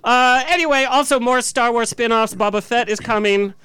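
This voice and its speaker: Gossipy radio host guy, high bright voice, smooth, dry studio sound. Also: no room sound. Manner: campy, gossipy, quick jokes. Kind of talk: casual chat.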